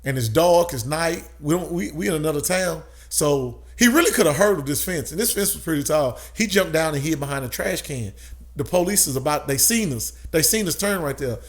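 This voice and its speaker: Animated man telling stories. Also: fairly high pitch, fairly quick. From Tennessee, USA. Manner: animated, laughs often, swears. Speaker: guest. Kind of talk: casual storytelling.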